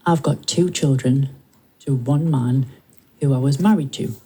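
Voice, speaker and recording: A woman's voice: rumbling low, measured pace, warm tone, husky. A woman making a pointed, defensive rebuttal of criticism aimed at her. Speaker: subject of the clips, answering criticism. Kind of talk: filmed personal rebuttal.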